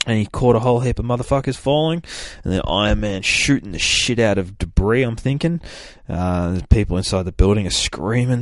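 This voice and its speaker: A man's voice: on the low side, no echo. A man hosting a comic podcast, recapping an issue in a rambling, profane, casual way. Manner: profane, rambling, swears constantly.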